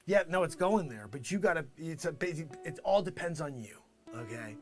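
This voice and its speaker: A man improvises a comedy monologue as a boastful salesman, jumping from voice to voice. His voice sits high for a man. Faint guitar music plays behind him. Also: lively intonation. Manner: rapid character switching, brash salesman bravado. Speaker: comedy show host.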